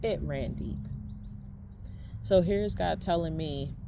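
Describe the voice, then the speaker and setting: A woman speaks slowly and earnestly as she shares a personal faith testimony, leaning on repeated phrases for emphasis. Her voice carries a gravelly, creaky texture. A faint hiss of background noise sits under the recording. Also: deep voice. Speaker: vlogger sharing a personal testimony.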